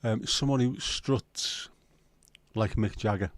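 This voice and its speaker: A man with a Liverpool accent hosts a relaxed livestream chat, reading out comments and answering them with blunt, sweary banter. His voice sits on the low side, and the sound is close and dry with no room around it. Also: slow, dry recording. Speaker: livestream host.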